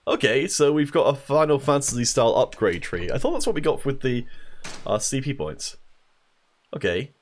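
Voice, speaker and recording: A man's voice: mid-range voice, sing-song, moderate pace. A man hosting a let's play, giving casual gameplay commentary with wry, joking asides.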